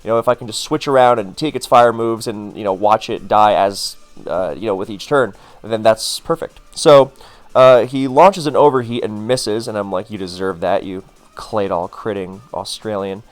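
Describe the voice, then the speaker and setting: A man's voice: medium pitch, moderate pace, faint music behind. A man casually commenting on his own game, rambling into wry asides with plenty of fillers. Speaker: gaming commentator.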